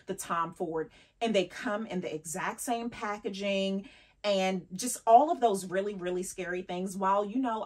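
A woman's voice: lowish voice, slightly rough. A woman in her thirties chatting casually as a lifestyle vlogger, laughing often and dropping in French phrases. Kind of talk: casual vlog chat.

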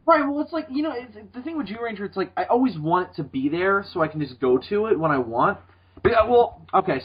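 A young podcast host with a husky, somewhat high voice rambles through casual chat, swearing often. The audio is dull and lo-fi.

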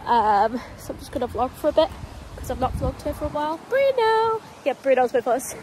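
A woman's voice: high-pitched, fast talker, a little mellow, a little hiss or hum, rough recording. A young woman in her twenties chatting casually to camera while walking her dog through the countryside, a little out of breath. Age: 20s. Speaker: vlogger. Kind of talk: casual vlog chat. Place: outdoors on a countryside walk.

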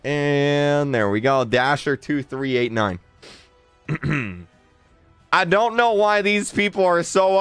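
A male livestreamer with a fairly high, smooth voice, heard close and dry with no room sound. He talks to his chat in an exasperated way, repeating lines and tripping over his words. Faint music plays behind him. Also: fairly bright tone, no echo. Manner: exasperated, repeats himself, stammers and laughs.

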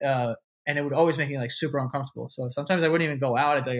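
A young man talks casually as a podcast guest. He swears freely and slips into quick impressions of the people in his stories, at a middle pitch for a man. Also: steady tone. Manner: swears freely, acts out quoted voices. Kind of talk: casual interview storytelling.

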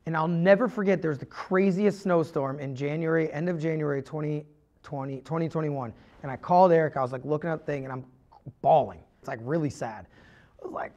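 Young adult male podcast guest; candid, rambling confessional delivery, slightly higher pitch. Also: a little fast, darkish tone. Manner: rambling, heavy use of "like" and restarts; earnest, confessional.

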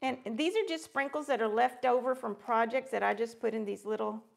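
Upbeat high-voiced woman hosting a crafting stream. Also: brisk, creaky. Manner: chatty and upbeat, greeting viewers by name. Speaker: host of a live crafting stream. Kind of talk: casual live-stream chat while crafting.

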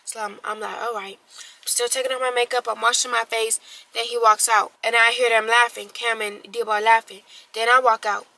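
A young woman vlogger telling a story casually, slangy and animated, acting out what others said. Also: fairly high pitch, a little fast, no room sound, poor audio. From Texas. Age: young adult. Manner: animated, slangy, acts out quotes.

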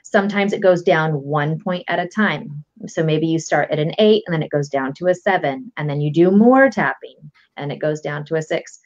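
A woman guest coach calmly walking listeners through a tapping technique step by step, with a patient, explanatory manner. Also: deep voice, moderate pace. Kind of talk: instructional explanation. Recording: lo-fi dull audio.

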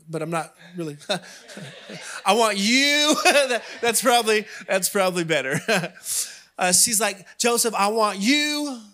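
Bright, high-voiced preacher man. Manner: animated storytelling with playful asides. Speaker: pastor. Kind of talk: sermon.

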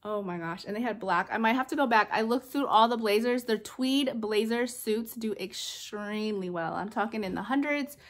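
A young adult woman chatting excitedly in a casual haul vlog, gushing over her finds. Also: on the high side, moderate pace, few pauses. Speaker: reseller vlogger.

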